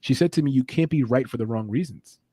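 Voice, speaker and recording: Man, betting show host, middle pitch, animated, dry close sound. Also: fast talker, breathy edge, dry recording. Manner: animated, talks through betting angles. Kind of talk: casual sports betting chat.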